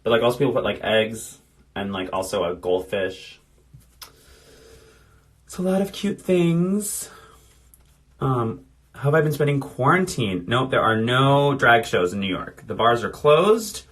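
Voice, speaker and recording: A man's voice: mid-range voice, lively intonation, moderate pace, fairly bright tone. A man in his thirties chatting casually on a phone livestream, reading out viewer comments while doing his makeup. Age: 30s. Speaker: drag performer.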